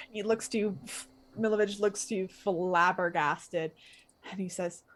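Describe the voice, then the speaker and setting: A young woman narrating as a tabletop game master, casual and full of fillers and quick asides. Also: medium pitch, steady tone.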